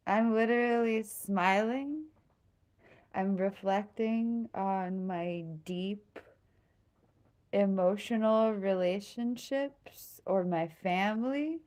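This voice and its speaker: A young woman hosts a live stream in a relaxed, rambling way. She speaks slowly in a slightly high voice, giggles often and pokes fun at herself. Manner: giggly, self-mocking, rambling. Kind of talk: casual live-stream chat.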